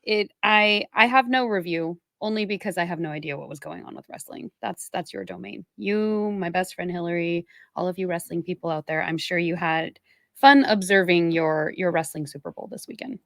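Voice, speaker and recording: A woman's voice: lowish voice, normal speed, gravelly, dry recording, clean studio sound. A woman co-hosting a podcast in casual chat, wry and playful, laughing easily. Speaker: podcast co-host.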